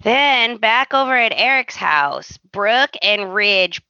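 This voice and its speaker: A woman's voice: on the high side, animated, takes it slowly, sharp tone, no room sound, lo-fi sound. A woman co-hosting a podcast, chatting casually with wry, dry jokes. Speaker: podcast co-host. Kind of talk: casual chat recapping a soap opera.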